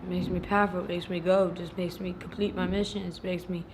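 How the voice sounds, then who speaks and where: Woman interviewee, low monotone, terse answers, noisy street recording. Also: a little fast. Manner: short, blunt answers.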